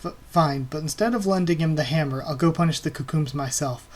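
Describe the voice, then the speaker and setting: A man voicing a gruff, hot-tempered male lord who guards his hammer, reading the lines in close to his own voice. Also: on the high side, a little fast, lightly acted. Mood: indignant. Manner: read aloud in a near-normal voice.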